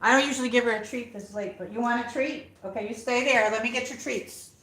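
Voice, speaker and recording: Higher-voiced woman chatting on a home livestream, echoey room, talks to her dog a lot. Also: fast talker, fairly bright tone. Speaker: livestream host. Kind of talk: casual livestream chat.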